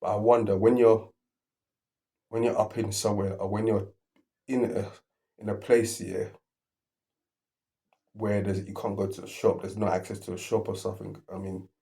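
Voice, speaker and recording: A man's voice: lowish voice, level tone, normal speed, creaky, long pauses, mellow. Rambling man reacting to a trailer. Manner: rambling, restarting and circling his thoughts. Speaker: reaction video host. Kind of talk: thinking aloud while reacting.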